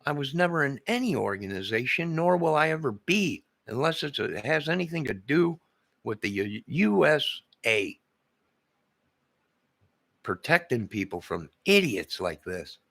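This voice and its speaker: An older man rants into his own camera in a rambling, agitated monologue, circling back to the same points again and again. His voice is gravelly and bright, and it sounds dry and close. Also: mid-range voice, very animated, measured pace, no room sound. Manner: agitated, repetitive, ranting. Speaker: vlogger.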